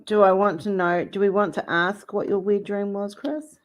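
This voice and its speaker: With a steady, medium-pitched voice at a moderate pace, a middle-aged woman from Australia or New Zealand runs a casual livestream, laughing frequently and chatting fondly with her audience.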